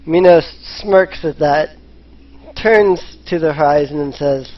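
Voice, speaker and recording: A man narrating a tabletop role-playing game as dungeon master, in an unhurried storytelling manner. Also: fairly high pitch. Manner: unhurried storytelling, voicing characters in quotes. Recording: dull lo-fi voice chat.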